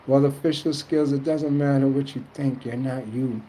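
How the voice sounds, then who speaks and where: A man's voice: steady tone, normal speed, warm tone, slight background noise, rough recording. A man talking casually and earnestly about spiritual journeys to his viewers, rambling and colloquial. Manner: rambling, earnest, colloquial, quotes others in high mock voices. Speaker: spiritual streamer answering chat.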